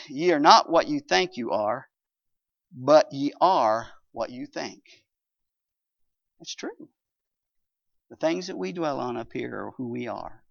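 A man preaching a sermon as pastor, earnestly reading scripture aloud and rising and falling in loudness. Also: medium pitch, no echo, muffled recording.

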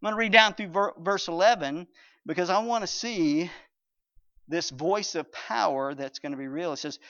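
Older preacher, dull lo-fi recording. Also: male voice, high voice. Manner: emphatic, with swings between loud and soft and slow drawn-out phrases. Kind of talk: sermon with scripture reading.

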